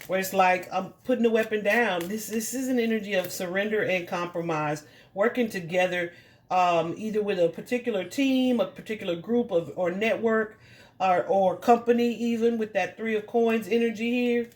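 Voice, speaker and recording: A woman's voice: mid-range voice, normal speed, a little mellow. A woman giving a casual tarot reading to her viewers, chatty and reassuring, full of fillers and restarts. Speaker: tarot reader.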